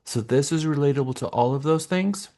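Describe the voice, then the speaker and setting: This man's voice is a little high and mellow, and he talks fairly quickly. He's leading a live real estate workshop, issuing instructions to participants in a stop-start, directive manner filled with fillers.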